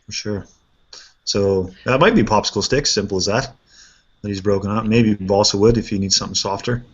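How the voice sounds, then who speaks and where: Low-voiced man, relaxed hobby chat. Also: fairly quick, husky. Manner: relaxed, chatty, thinking aloud with fillers. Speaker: host. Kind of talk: casual chat reviewing miniature painting. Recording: dull lo-fi sound.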